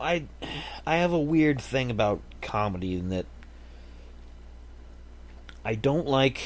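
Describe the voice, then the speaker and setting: A man hosting a podcast, telling a story and reflecting in a casual, meandering way with frequent restarts. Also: on the low side. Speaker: podcast host.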